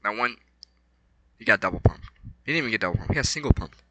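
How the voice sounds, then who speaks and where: A young man rambling casually about a fight night, excitable and slangy, swinging between low mumbles and loud bursts. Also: fast, highs cut off, a little hiss or hum. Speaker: vlogger.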